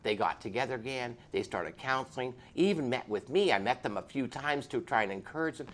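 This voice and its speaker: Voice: medium pitch, expressive, a little fast. A police officer giving an earnest, preachy spoken testimony.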